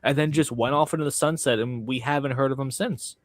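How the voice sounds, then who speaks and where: A man's voice: medium pitch, fairly quick, no echo. A man on a casual panel, musing in an easygoing way.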